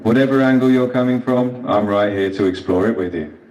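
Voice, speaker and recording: A man's voice: fairly low pitch, brisk, a little mellow, echoey room, muffled recording, slight background noise. An AI voice assistant speaking as a man, folksy and easygoing, calling the listener partner. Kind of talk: scripted chatbot replies.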